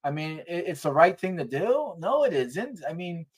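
Man, raised pitch, heated rambling rant, swearing, casual talk. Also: big pitch swings, normal speed, husky. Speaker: guest. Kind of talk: casual political chat.

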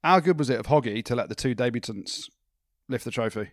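A man's voice: medium pitch, brisk, no echo, clean studio sound. A man hosting a podcast, telling stories and bantering in casual chat. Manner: storytelling, animated banter. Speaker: podcast host.

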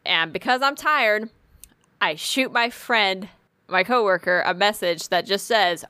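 Animated swearing young woman. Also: mid-range voice, unhurried, no room sound. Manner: animated, swears freely, quotes herself. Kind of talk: casual chat, storytelling.

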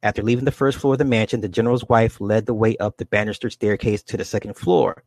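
A man reading a book aloud and adding his own commentary, with halting restarts and asides to his listeners. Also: fairly low pitch, steady tone, a little mellow, no echo. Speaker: reader and commentator.

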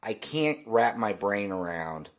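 A man's voice: lowish voice, lively intonation, slow. A man hosting a solo sports podcast, giving opinionated, dismissive commentary in a ranting way. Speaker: podcast host.

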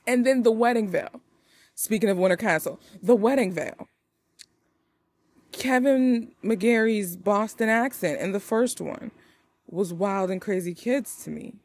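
A woman's voice: mid-range voice, animated, unhurried, vocal fry, pauses often, a little mellow. A woman hosting a movie review podcast, chatting casually and animatedly with playful wordplay. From United States. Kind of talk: casual chat.

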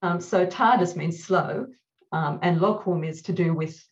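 A woman scholar explaining a Latin word with enthusiasm, often laughing between phrases, in a relaxed podcast chat. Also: lowish voice, a little slow, muffled recording. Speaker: classics scholar guest. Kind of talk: conversational podcast discussion.

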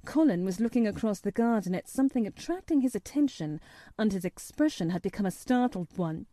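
A woman narrating an audiobook in a gentle, measured storytelling manner. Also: medium pitch, animated, no echo. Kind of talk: audiobook reading.

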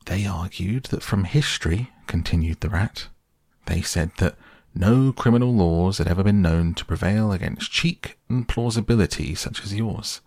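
Male narrator, low and gravelly, gentle bedtime reading, dry close mic. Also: moderate pace, no room sound. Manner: calm, gentle. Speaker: audiobook narrator. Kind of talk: soft bedtime story reading.

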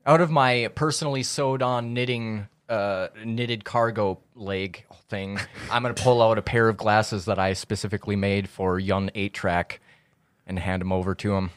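A man's voice: on the low side, fairly even intonation, normal speed, no room sound, clean studio sound. A man playing a tabletop role-playing game, joking around and describing his character's impulsive actions. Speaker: player. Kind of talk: tabletop role-play banter.

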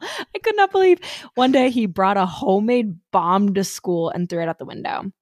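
A woman's voice: mid-range voice, expressive, normal speed, dry recording, clean studio sound. A woman co-hosting a podcast, recapping a TV episode in casual chat, full of fillers and swearing. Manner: swears a lot, many fillers, laughs while recapping. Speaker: podcast co-host.

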